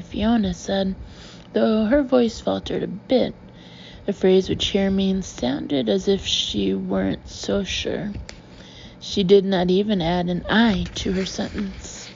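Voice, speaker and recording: A woman reading a storybook aloud in a measured way with wry asides. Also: medium pitch, fairly even intonation, vocal fry, darkish tone, muffled recording, slight background noise. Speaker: audiobook reader. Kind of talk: storybook narration.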